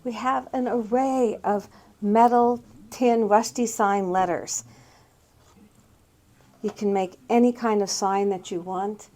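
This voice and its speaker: A woman's voice: mid-range voice, fairly even intonation, takes it slowly, warm tone. A middle-aged woman hosting a casual tour of antique and thrift shops, pointing out items with fond admiration. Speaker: host touring antique shops. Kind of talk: casual walking shop tour.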